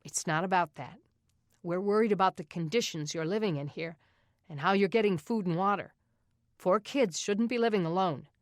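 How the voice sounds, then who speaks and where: A middle-aged male sheriff speaks firmly and levelly with calm authority, as a woman narrating an audiobook plays him. The voice is fairly low and dry. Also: normal speed, dry recording, close to an everyday voice. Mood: firm, coaxing.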